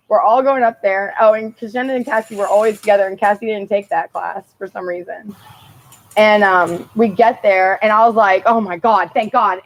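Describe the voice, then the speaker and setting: A young woman vlogging outdoors, telling a rambling story in a casual, profane, animated way and laughing often. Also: a little high, highs cut off.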